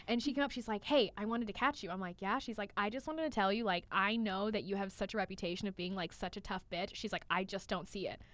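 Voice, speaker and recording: A woman's voice: mid-range voice, no echo. A woman co-hosting a casual chat podcast, telling stories with lots of swearing and acting out what she said back then. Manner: animated storytelling, acts out her own past lines, swears freely. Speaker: podcast co-host and trainer.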